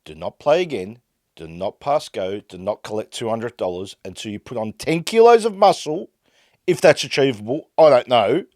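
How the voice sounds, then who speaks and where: A man's voice: mid-range voice, sing-song, normal speed, dry recording, studio quality. Fired-up ranting Australian man. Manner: fired-up, exasperated ranting that swings loud and quiet. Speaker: podcast host. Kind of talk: ranting fan commentary.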